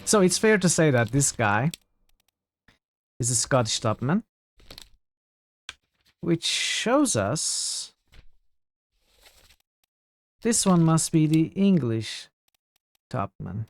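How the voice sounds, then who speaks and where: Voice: medium pitch, very animated, takes it slowly, pauses often. A game streamer giving casual gameplay commentary, thinking aloud and chatting with viewers.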